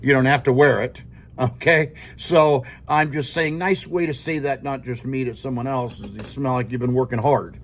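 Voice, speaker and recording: A man's voice: medium pitch, steady tone, normal speed, a little hiss or hum. A middle-aged man, a teacher, giving his class a rambling, informal talk, often chuckling and checking in with "okay?".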